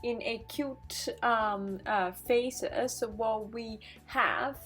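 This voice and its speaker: A woman's voice: on the high side, extremely slow, fairly bright tone. Hesitant woman explaining with many fillers. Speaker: video host. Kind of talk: casual explainer talk.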